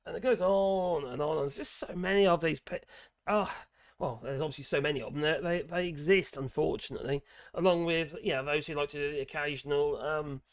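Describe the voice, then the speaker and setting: A man's voice: fairly high pitch, fairly quick, dry recording. Brief: sardonic male livestream host, rambling chat, dry close recording. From England. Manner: sardonic, rambling, with wry laughs. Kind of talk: casual livestream commentary.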